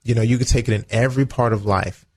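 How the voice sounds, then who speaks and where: Speaking fast in a mid-range, fairly even and slightly mellow voice, a former football player co-hosts a radio talk show. He's earnest and preachy on faith, family and leadership, and acts out little quoted exchanges.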